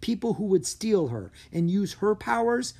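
A storybook narrator voicing a calm, clever young girl. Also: mid-range voice, normal speed, voice pushed up. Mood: earnest. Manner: urgent when warning.

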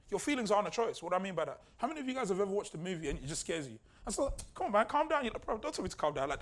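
A male pastor preaching a sermon in a conversational, humorous way, repeating key lines for emphasis. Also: high voice.

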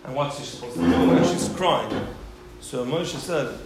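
A man teaching a Torah class, telling stories in an animated way and acting out the voices he quotes. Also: medium pitch, measured pace. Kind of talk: Torah lecture with storytelling. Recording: very echoey room, faint background hiss.

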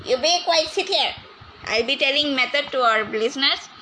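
Brief: woman voicing a high-pitched, bickering grandmother in a comedy cooking skit. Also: moderate pace, bright, forceful tone, a little hiss or hum, poor audio. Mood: scolding. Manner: scolding, bossy, bickering. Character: bossy scolding grandmother, cooking show.

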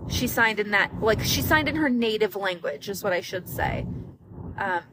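A young woman co-hosting a podcast in casual chat, talking fast with lots of likes and swearing, with hiccups. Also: medium pitch, lively intonation, noisy background. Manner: chatty, swears freely, many likes and restarts. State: has the hiccups. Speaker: podcast co-host.

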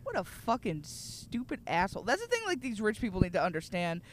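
A woman's voice: mid-range voice, huge pitch swings, a little fast, slight background noise. Profane laughing woman podcast co-host. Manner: profane, laughing, mocking impressions. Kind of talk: casual comedic chat.

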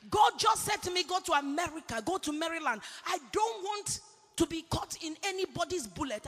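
A woman from England preaching a sermon with passion, swinging between shouted declarations and quiet confession. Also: very high-pitched. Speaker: apostle preaching. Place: church hall. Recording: long hall reverb with faint music.

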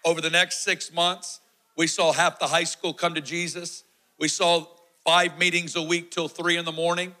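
A man in his forties preaching a sermon testimony, telling his story with animated energy and acting out the shouts and quotes. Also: a little high, moderate pace, low-quality recording.

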